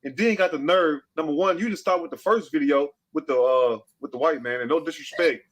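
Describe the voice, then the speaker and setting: A man's voice: on the high side, brisk, a bit bright. A man hosting a news commentary show, lecturing the viewers in a casual, emphatic way. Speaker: host.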